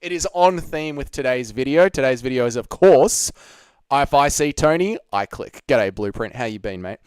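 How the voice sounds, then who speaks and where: Man, young adult, stream host, smooth voice, dry close sound, reads chat comments. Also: medium pitch, expressive, moderate pace, darkish tone, no echo. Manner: chatty, swears, reads out viewer comments. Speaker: livestream host. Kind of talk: casual live-stream chat reading comments.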